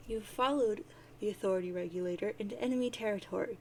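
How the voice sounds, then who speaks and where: A woman reads a webcomic aloud in a relaxed, chatty way, dropping offhand asides as she goes. Her voice is mellow and sits at a middle pitch. A faint hiss runs behind the recording. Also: quick pace, low-quality recording. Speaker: webcomic reader, channel host. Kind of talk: casual read-aloud narration.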